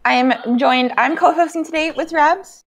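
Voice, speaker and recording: A woman co-hosting a casual podcast on a call mic, bubbly and quick to laugh. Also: sits high. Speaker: podcast co-host.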